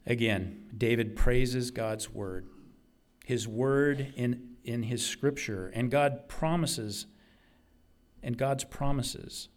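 A man delivering a sermon at a slow, deliberate pace with a mid-range voice. He is earnest and emphatic, repeating key lines to drive them home. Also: medium pitch, darkish tone. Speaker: preacher.

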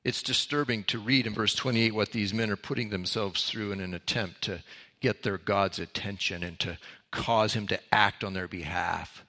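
A man's voice: mid-range voice, bright, forceful tone. A man preaching a sermon, reading verses aloud and explaining them with casual asides. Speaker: pastor.

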